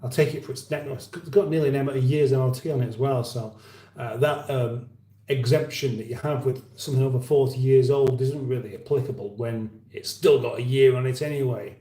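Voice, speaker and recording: In a roomy, echoing recording, the English host keeps up his casual livestream chat, reading viewer comments and rambling with dry humour. He speaks briskly in a steady, mellow voice of medium pitch.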